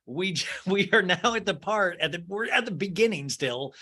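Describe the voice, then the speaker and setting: A man's voice: high-pitched, lively intonation, normal speed, bright, forceful tone, a little hiss or hum. A man hosting a casual solo podcast, gossiping and laughing as he recaps, swearing freely and sarcastically mimicking the people he talks about. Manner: sarcastic, mimicking cast members in exaggerated voices. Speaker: podcast host.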